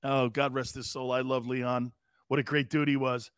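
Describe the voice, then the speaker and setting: A man's voice: medium pitch, level tone, moderate pace, smooth, dry recording, clean studio sound. A man hosting a sports talk show, ranting in a brash, mocking way with profanity.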